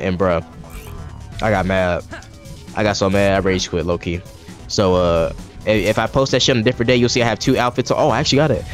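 A man giving casual, profane gameplay commentary, trash-talking enemies and rambling in asides with frequent restarts. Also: on the low side. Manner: profane, reactive trash talk at the game. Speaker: gaming channel host.

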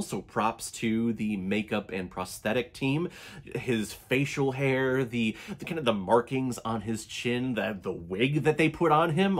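A man giving a casual, animated movie review to his viewers, with enthusiastic asides. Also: mid-range voice, slightly rough, poor audio.

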